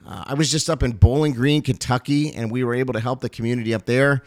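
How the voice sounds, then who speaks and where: An earnest male pastor speaks directly to his supporters in a mid-pitched voice. His talk is heartfelt and emotional, full of fillers and repeated phrases. The recording is dry and close, with no room echo. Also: fairly even intonation, fast talker. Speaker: pastor and ministry broadcaster. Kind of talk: heartfelt address to ministry supporters.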